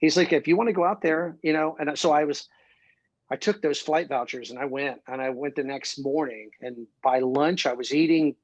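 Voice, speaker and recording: A male musician guest from Ohio, telling excitable, rambling stories full of fillers in a casual interview. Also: mid-range voice, moderate pace, dry recording, muffled recording. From Columbus, Ohio.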